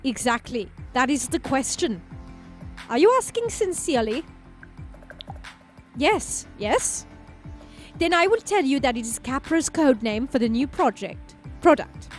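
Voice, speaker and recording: Stiff, overly formal German men, as a woman puts them on for a video game playthrough. The put-on German accent sits in a fairly high, light voice. Every line comes out stilted and carefully polite. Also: sing-song, a little slow, long pauses, soft background music. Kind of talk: let's play character voicing.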